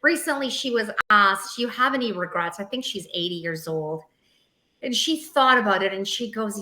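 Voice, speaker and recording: A woman guest mentor telling stories in an interview, acting out the quotes with lively pitch shifts. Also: normal speed, echoey room, poor audio. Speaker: guest, emotional healing mentor. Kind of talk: storytelling in a podcast interview.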